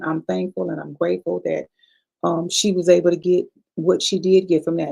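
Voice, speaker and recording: A woman's voice: on the low side, gravelly, mellow, slightly rough, rough recording. A woman practitioner giving a chatty, profane review of a past life regression session to her viewers, repeating herself and calling them y'all. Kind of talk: casual livestream review talk.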